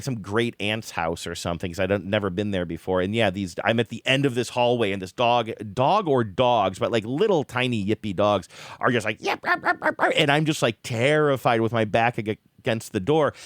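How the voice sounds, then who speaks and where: A man co-hosting a podcast in a loose, chatty way. He tells his story with animated energy, wanders off on side trails and fixes his words as he goes. He talks at an ordinary middle pitch into a close, dry microphone. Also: no echo. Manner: rambling, animated storyteller, self-correcting. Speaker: podcast co-host. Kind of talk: casual chat.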